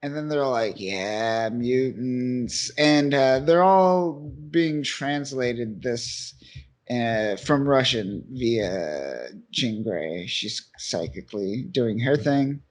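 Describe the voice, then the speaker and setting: A man's voice: medium pitch, slow. A man co-hosting a podcast, casually recapping a comic book with lots of fillers and quoted asides. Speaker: podcast co-host.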